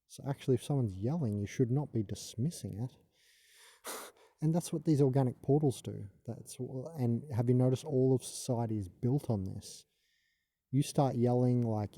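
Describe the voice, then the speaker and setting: A man's voice: medium pitch, warm tone, dry recording, clean studio sound. A man delivering a rambling, indignant spiritual monologue, full of fillers and restarts. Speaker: video monologue host.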